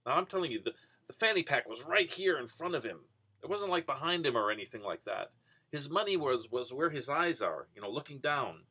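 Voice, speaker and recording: Guy rambling thru an old story, lots of you knows, bright kinda tense voice. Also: mid-range voice, very animated, fairly quick, breathy edge. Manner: rambling, full of "you know" and restarts. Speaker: vending business vlogger. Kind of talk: casual anecdotal storytelling.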